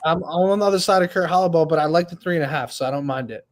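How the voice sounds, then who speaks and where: A man's voice: on the high side, rapid-fire. A man hosting a casual call-in betting show, laid-back, swearing freely and calling the others "bro". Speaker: host.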